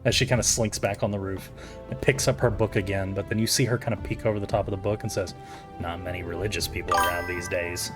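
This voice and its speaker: A man's voice: low voice, fairly even intonation, fast, over music, close to an everyday voice. A man voicing a stern, dry woman teacher who gives curt, teasing orders.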